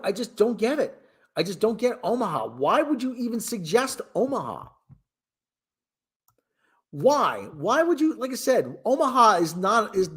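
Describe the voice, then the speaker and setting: Host: a man from Connecticut, incredulous rambling rant, pitch swinging up and down. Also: a bit bright, breathy edge. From Connecticut, Hartford area. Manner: exasperated, incredulous, many restarts. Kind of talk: casual rambling sports commentary.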